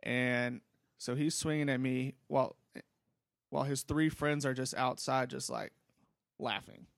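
A man's voice: mid-range voice, fairly even intonation, unhurried, creaky, no echo, clean studio sound. A young man casually telling a long story, laid-back and rambling, with frequent swearing. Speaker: podcast host.

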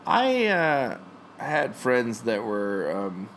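A man's voice: mid-range voice, huge pitch swings, a bit bright. Young male co-host, wry, dry joker, mid-range voice, faint hiss on the track. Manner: wry, quick with improvised song parodies. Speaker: co-host of a movie commentary. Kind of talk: casual joking chat.

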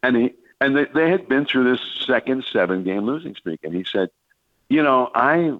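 A man's voice: mid-range voice, lively intonation, brisk, no echo. Older man telling stories over a phone line. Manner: rambling anecdotal storytelling with many restarts and fillers. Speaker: veteran baseball broadcaster, studio guest. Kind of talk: storytelling on a sports talk radio show.

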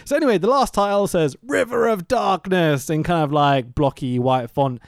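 A man's voice: on the high side, very animated, brisk, clean tone, no echo, studio quality. A man co-hosting a podcast, reviewing a film in casual chat, sarcastic, swearing and laughing often. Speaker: podcast host.

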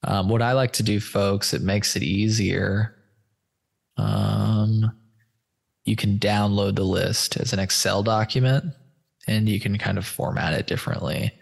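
Man, high, rambling, profane, gravelly, lowish voice, casual chat host. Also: steady tone, unhurried. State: stoned. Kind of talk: casual screen-share chat.

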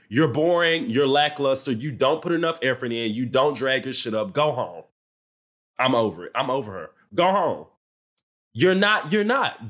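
A man's voice: on the high side, fairly bright tone. A man co-hosting a reality TV recap podcast, ranting heatedly with lots of swearing and blunt repetition. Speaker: podcast co-host.

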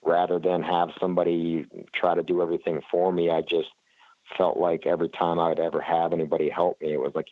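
Low-voiced guy rambling on a phone call, lots of "uh"s and "you know"s, dry and tinny. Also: monotone, fairly quick, dry recording. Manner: rambling, full of fillers and restarts. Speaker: flat track racer, guest. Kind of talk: casual interview talk.

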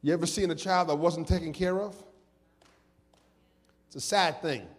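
A pastor preaching to his congregation, a man whose voice sits high for a man. He rises into sung, shouted peaks and drops to low, quick asides, and his words ring out with a long reverb. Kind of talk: sermon.

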